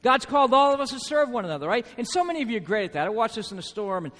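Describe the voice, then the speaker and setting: A man's voice: very high voice, very animated, very fast, fairly bright tone. A man preaching a sermon to his congregation, emphatic, repeating key phrases and asking the room questions. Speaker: pastor. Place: church sanctuary. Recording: reverberant church hall.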